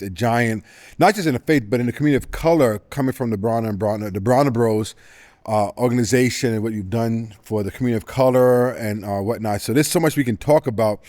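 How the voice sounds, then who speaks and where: A middle-aged man hosting a casual interview, talking in halting bursts full of fillers and restarts and laughing often. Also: medium pitch, a little mellow, no echo. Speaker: podcast host.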